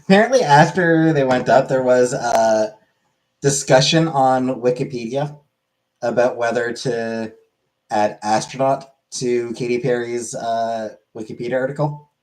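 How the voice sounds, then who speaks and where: A man's voice: mid-range voice, a little slow, a little mellow. A man hosting a casual comedic monologue, crude and irreverent, rambling between jokes.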